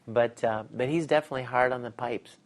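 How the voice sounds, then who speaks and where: A middle-aged voice actor talks through his career in a casual interview. He is animated, laughs often and acts out the lines people said to him. His pitch sits in an ordinary middle range. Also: brisk, heavy background noise.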